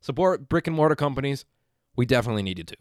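A man hosting a podcast, chatting casually and reading an ad with quick enthusiasm and the odd swear. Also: mid-range voice, animated, dry recording, clean studio sound. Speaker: podcast host. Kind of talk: casual podcast chat and read ad.

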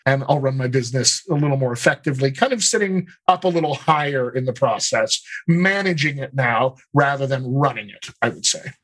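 A man of medium pitch and slightly bright tone responds to interview questions as a dialect coach and actor. He's reflective and explanatory, repeatedly hanging on "you know" before restarting phrases.

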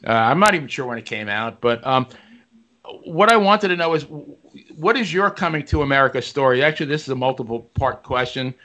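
A man's voice: mid-range voice, expressive, a little fast, pushed and bright. A man co-hosting a talk show, asking long, friendly questions. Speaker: co-host. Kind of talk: casual radio chat.

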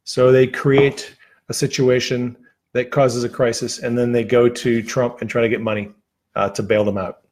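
A man hosting a casual livestream and chatting to his viewers in a rambling, halting way, full of fillers and restarts. He is losing his voice after an hour of talking. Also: medium pitch, flat delivery, darkish tone. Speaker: livestream host.

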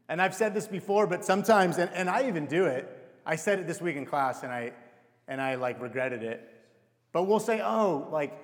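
A young man preaching a sermon in a conversational, self-deprecating way, asking the audience rhetorical questions. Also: fairly high pitch. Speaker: pastor. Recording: long hall reverb.

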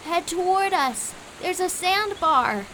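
Small excitable quail, shrill and high, voiced by a woman; storybook animal, steady hiss. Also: a little slow, exaggerated voice, poor audio. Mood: urgent. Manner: shrill, urgent shrieks.

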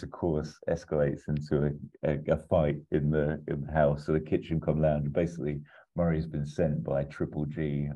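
A man chatting casually as a podcast co-host, rambling through a pitch with lots of fillers and chuckles. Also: husky. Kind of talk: casual chat. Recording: slightly muffled recording.

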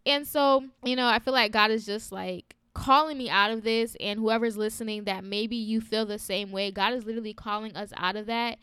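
A woman's voice: fairly high pitch, fairly even intonation, moderate pace, hardly any pauses, a bit bright, clear, resonant tone, no echo. Candid, chatty woman podcast host. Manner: candid, chatty, frequent fillers, laughs often. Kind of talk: faith-based podcast talk.

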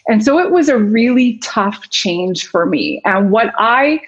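A woman's voice: on the high side, unhurried, breathy edge, dull audio. A woman speaking as a guest expert in a conversational interview, telling stories and acting out the voices of people she quotes. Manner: animated storyteller, acts out quoted voices. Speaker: guest expert on body language.

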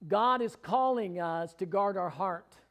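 A man's voice: high-pitched, a little slow, fairly bright tone. A man preaching a sermon to a congregation, fervent and rising to emphatic readings of scripture. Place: church hall with congregation.

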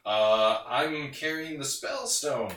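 Bright lively man at a game night, explains rules, recorded far off in an echoey room. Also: mid-range voice, takes it slowly. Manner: explains rules, laughs often. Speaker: board game player. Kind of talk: casual game-night banter. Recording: echoey room, mic at a distance.

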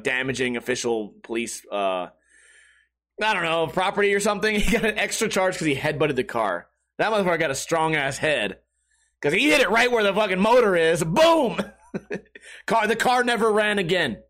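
High-voiced young man, sarcastic rant. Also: a bit bright. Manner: profane, sarcastic, rambling. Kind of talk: casual comedic rant.

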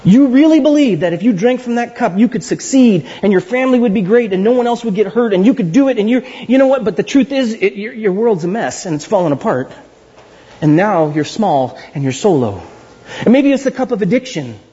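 A male pastor preaching with a high, swooping voice that climbs and drops dramatically. His tone is husky, and he repeats words for emphasis between playful asides. The recording is dull and lo-fi. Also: animated, fairly quick, dark tone. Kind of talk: sermon.

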